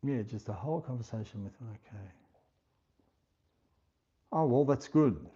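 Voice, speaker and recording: Expressive and mellow, with a breathy edge to his medium-pitched voice, this Australian livestream host chats at a slow, unhurried pace. He reads viewer comments and thanks each viewer by name over dull lo-fi stream audio.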